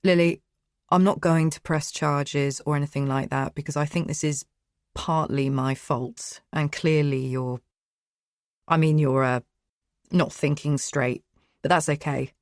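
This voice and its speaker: A man's voice: on the high side, steady tone, measured pace, no room sound. A woman voicing a flustered man, swearing at first and then coaxing, in a dry close recording. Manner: swearing, agitated then soothing.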